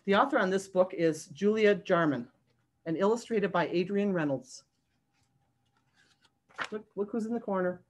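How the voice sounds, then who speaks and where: Over a video call, a female children's librarian reads a picture book aloud to young kids, sing-song and animated, pausing often to ask them questions. Her voice is mid-range at a normal speed, with a little hiss or hum in the audio.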